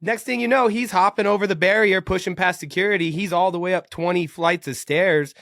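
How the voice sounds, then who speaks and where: A man's voice: high voice, steady tone, a little fast, a bit bright, dry recording, clean studio sound. A man co-hosting a podcast, telling a story in a laid-back, casual way. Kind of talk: casual chat.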